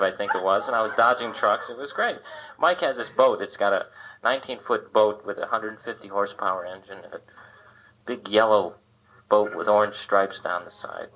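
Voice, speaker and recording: A man's voice: lowish voice, pushed and bright. A man performing a live stand-up comedy set at a club, dry and self-deprecating, riffing with the crowd. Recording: dull lo-fi 1980 live tape with hiss. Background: audience laughter.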